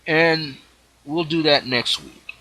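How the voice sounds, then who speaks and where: A man hosting a spiritual teaching show, speaking reflectively and letting his phrase endings drop off softly. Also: on the high side, takes it slowly, poor audio.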